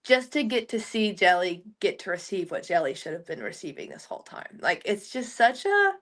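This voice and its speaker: A woman's voice: medium pitch, big pitch swings, normal speed, fairly bright tone. A young woman from Oklahoma, a country singer, chatting casually in an interview and telling rambling stories full of "like.". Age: young adult. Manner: chatty, rambling storyteller with many "like" fillers.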